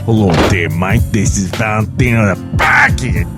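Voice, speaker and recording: A man's voice: on the low side, normal speed, over loud music, close to an everyday voice. A man playing Valentino the Pocket Thing, a sidekick in a comedy podcast skit. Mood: plain.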